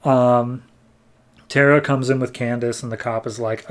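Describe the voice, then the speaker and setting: A man's voice: mid-range voice, flat delivery, unhurried. A man co-hosting a podcast, retelling a comic story in a rambling, filler-heavy casual way. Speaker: podcast co-host. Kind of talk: casual comic book recap.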